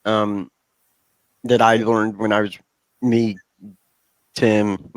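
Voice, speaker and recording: A man's voice: fairly low pitch, little pitch movement, very slow, no room sound, low-quality recording. A man talking as a podcast guest in a laid-back, joking way. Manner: laid-back, joking, says dude a lot. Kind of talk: casual chat.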